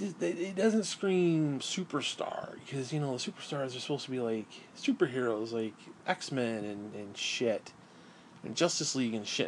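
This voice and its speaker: A man's voice: medium pitch, a little hiss or hum. Exasperated man ranting, profane and rambling. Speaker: gaming and wrestling commentator. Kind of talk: angry rant.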